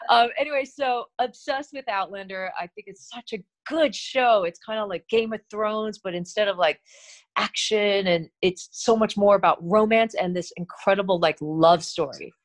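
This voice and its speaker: A middle-aged woman, a TV host, chatting in an interview in an animated way, laughing often and restarting her sentences. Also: medium pitch, moderate pace. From Korean heritage. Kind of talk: casual interview chat.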